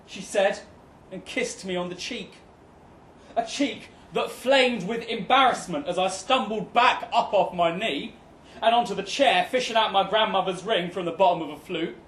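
A young man with a high voice reads a comic story in the first person, dry and wry, breaking into mock-heroic bursts. The sound is echoey, caught live in a pub room with a faint hum of noise behind. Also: normal speed, a bit bright. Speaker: reader at a live fiction night.

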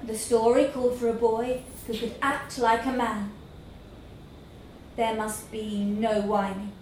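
A woman reading a literary story aloud in a slow, measured storytelling manner. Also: a little high, level tone, darkish tone, slight background noise. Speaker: narrator. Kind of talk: scripted narration of a literary story. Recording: echoey room with faint ambience.

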